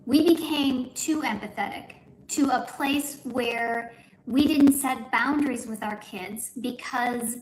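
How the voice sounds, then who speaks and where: A woman speaking in a measured, instructive way, giving advice to parents in a played clip. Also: on the high side. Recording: clip with room echo, faint music.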